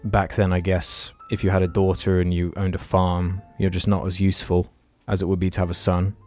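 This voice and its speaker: A man's voice: low voice, monotone, a little fast, a little mellow, faint music behind. A man co-hosting a podcast, telling a story in casual chat, frank and sweary, with many restarts. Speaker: podcast co-host.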